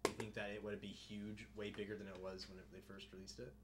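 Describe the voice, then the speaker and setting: A man's voice: fairly low pitch, level tone, fast, very noisy. A man in casual brainstorming chat as a podcast co-host, blunt, opinionated and jokey. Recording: clear crowd chatter behind.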